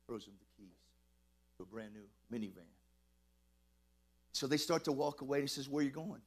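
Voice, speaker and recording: A pastor delivers a sermon at a moderate pace in a medium-pitched voice. Emphatic and excitable, he stumbles over restarts as he gets worked up.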